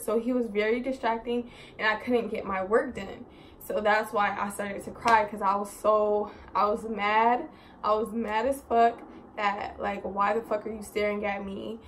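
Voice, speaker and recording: With slight background noise, a young woman tells a story for her vlog in a mid-range voice, going a little slowly. She rambles in an animated, casual way, full of "like" and "so," and swears when exasperated.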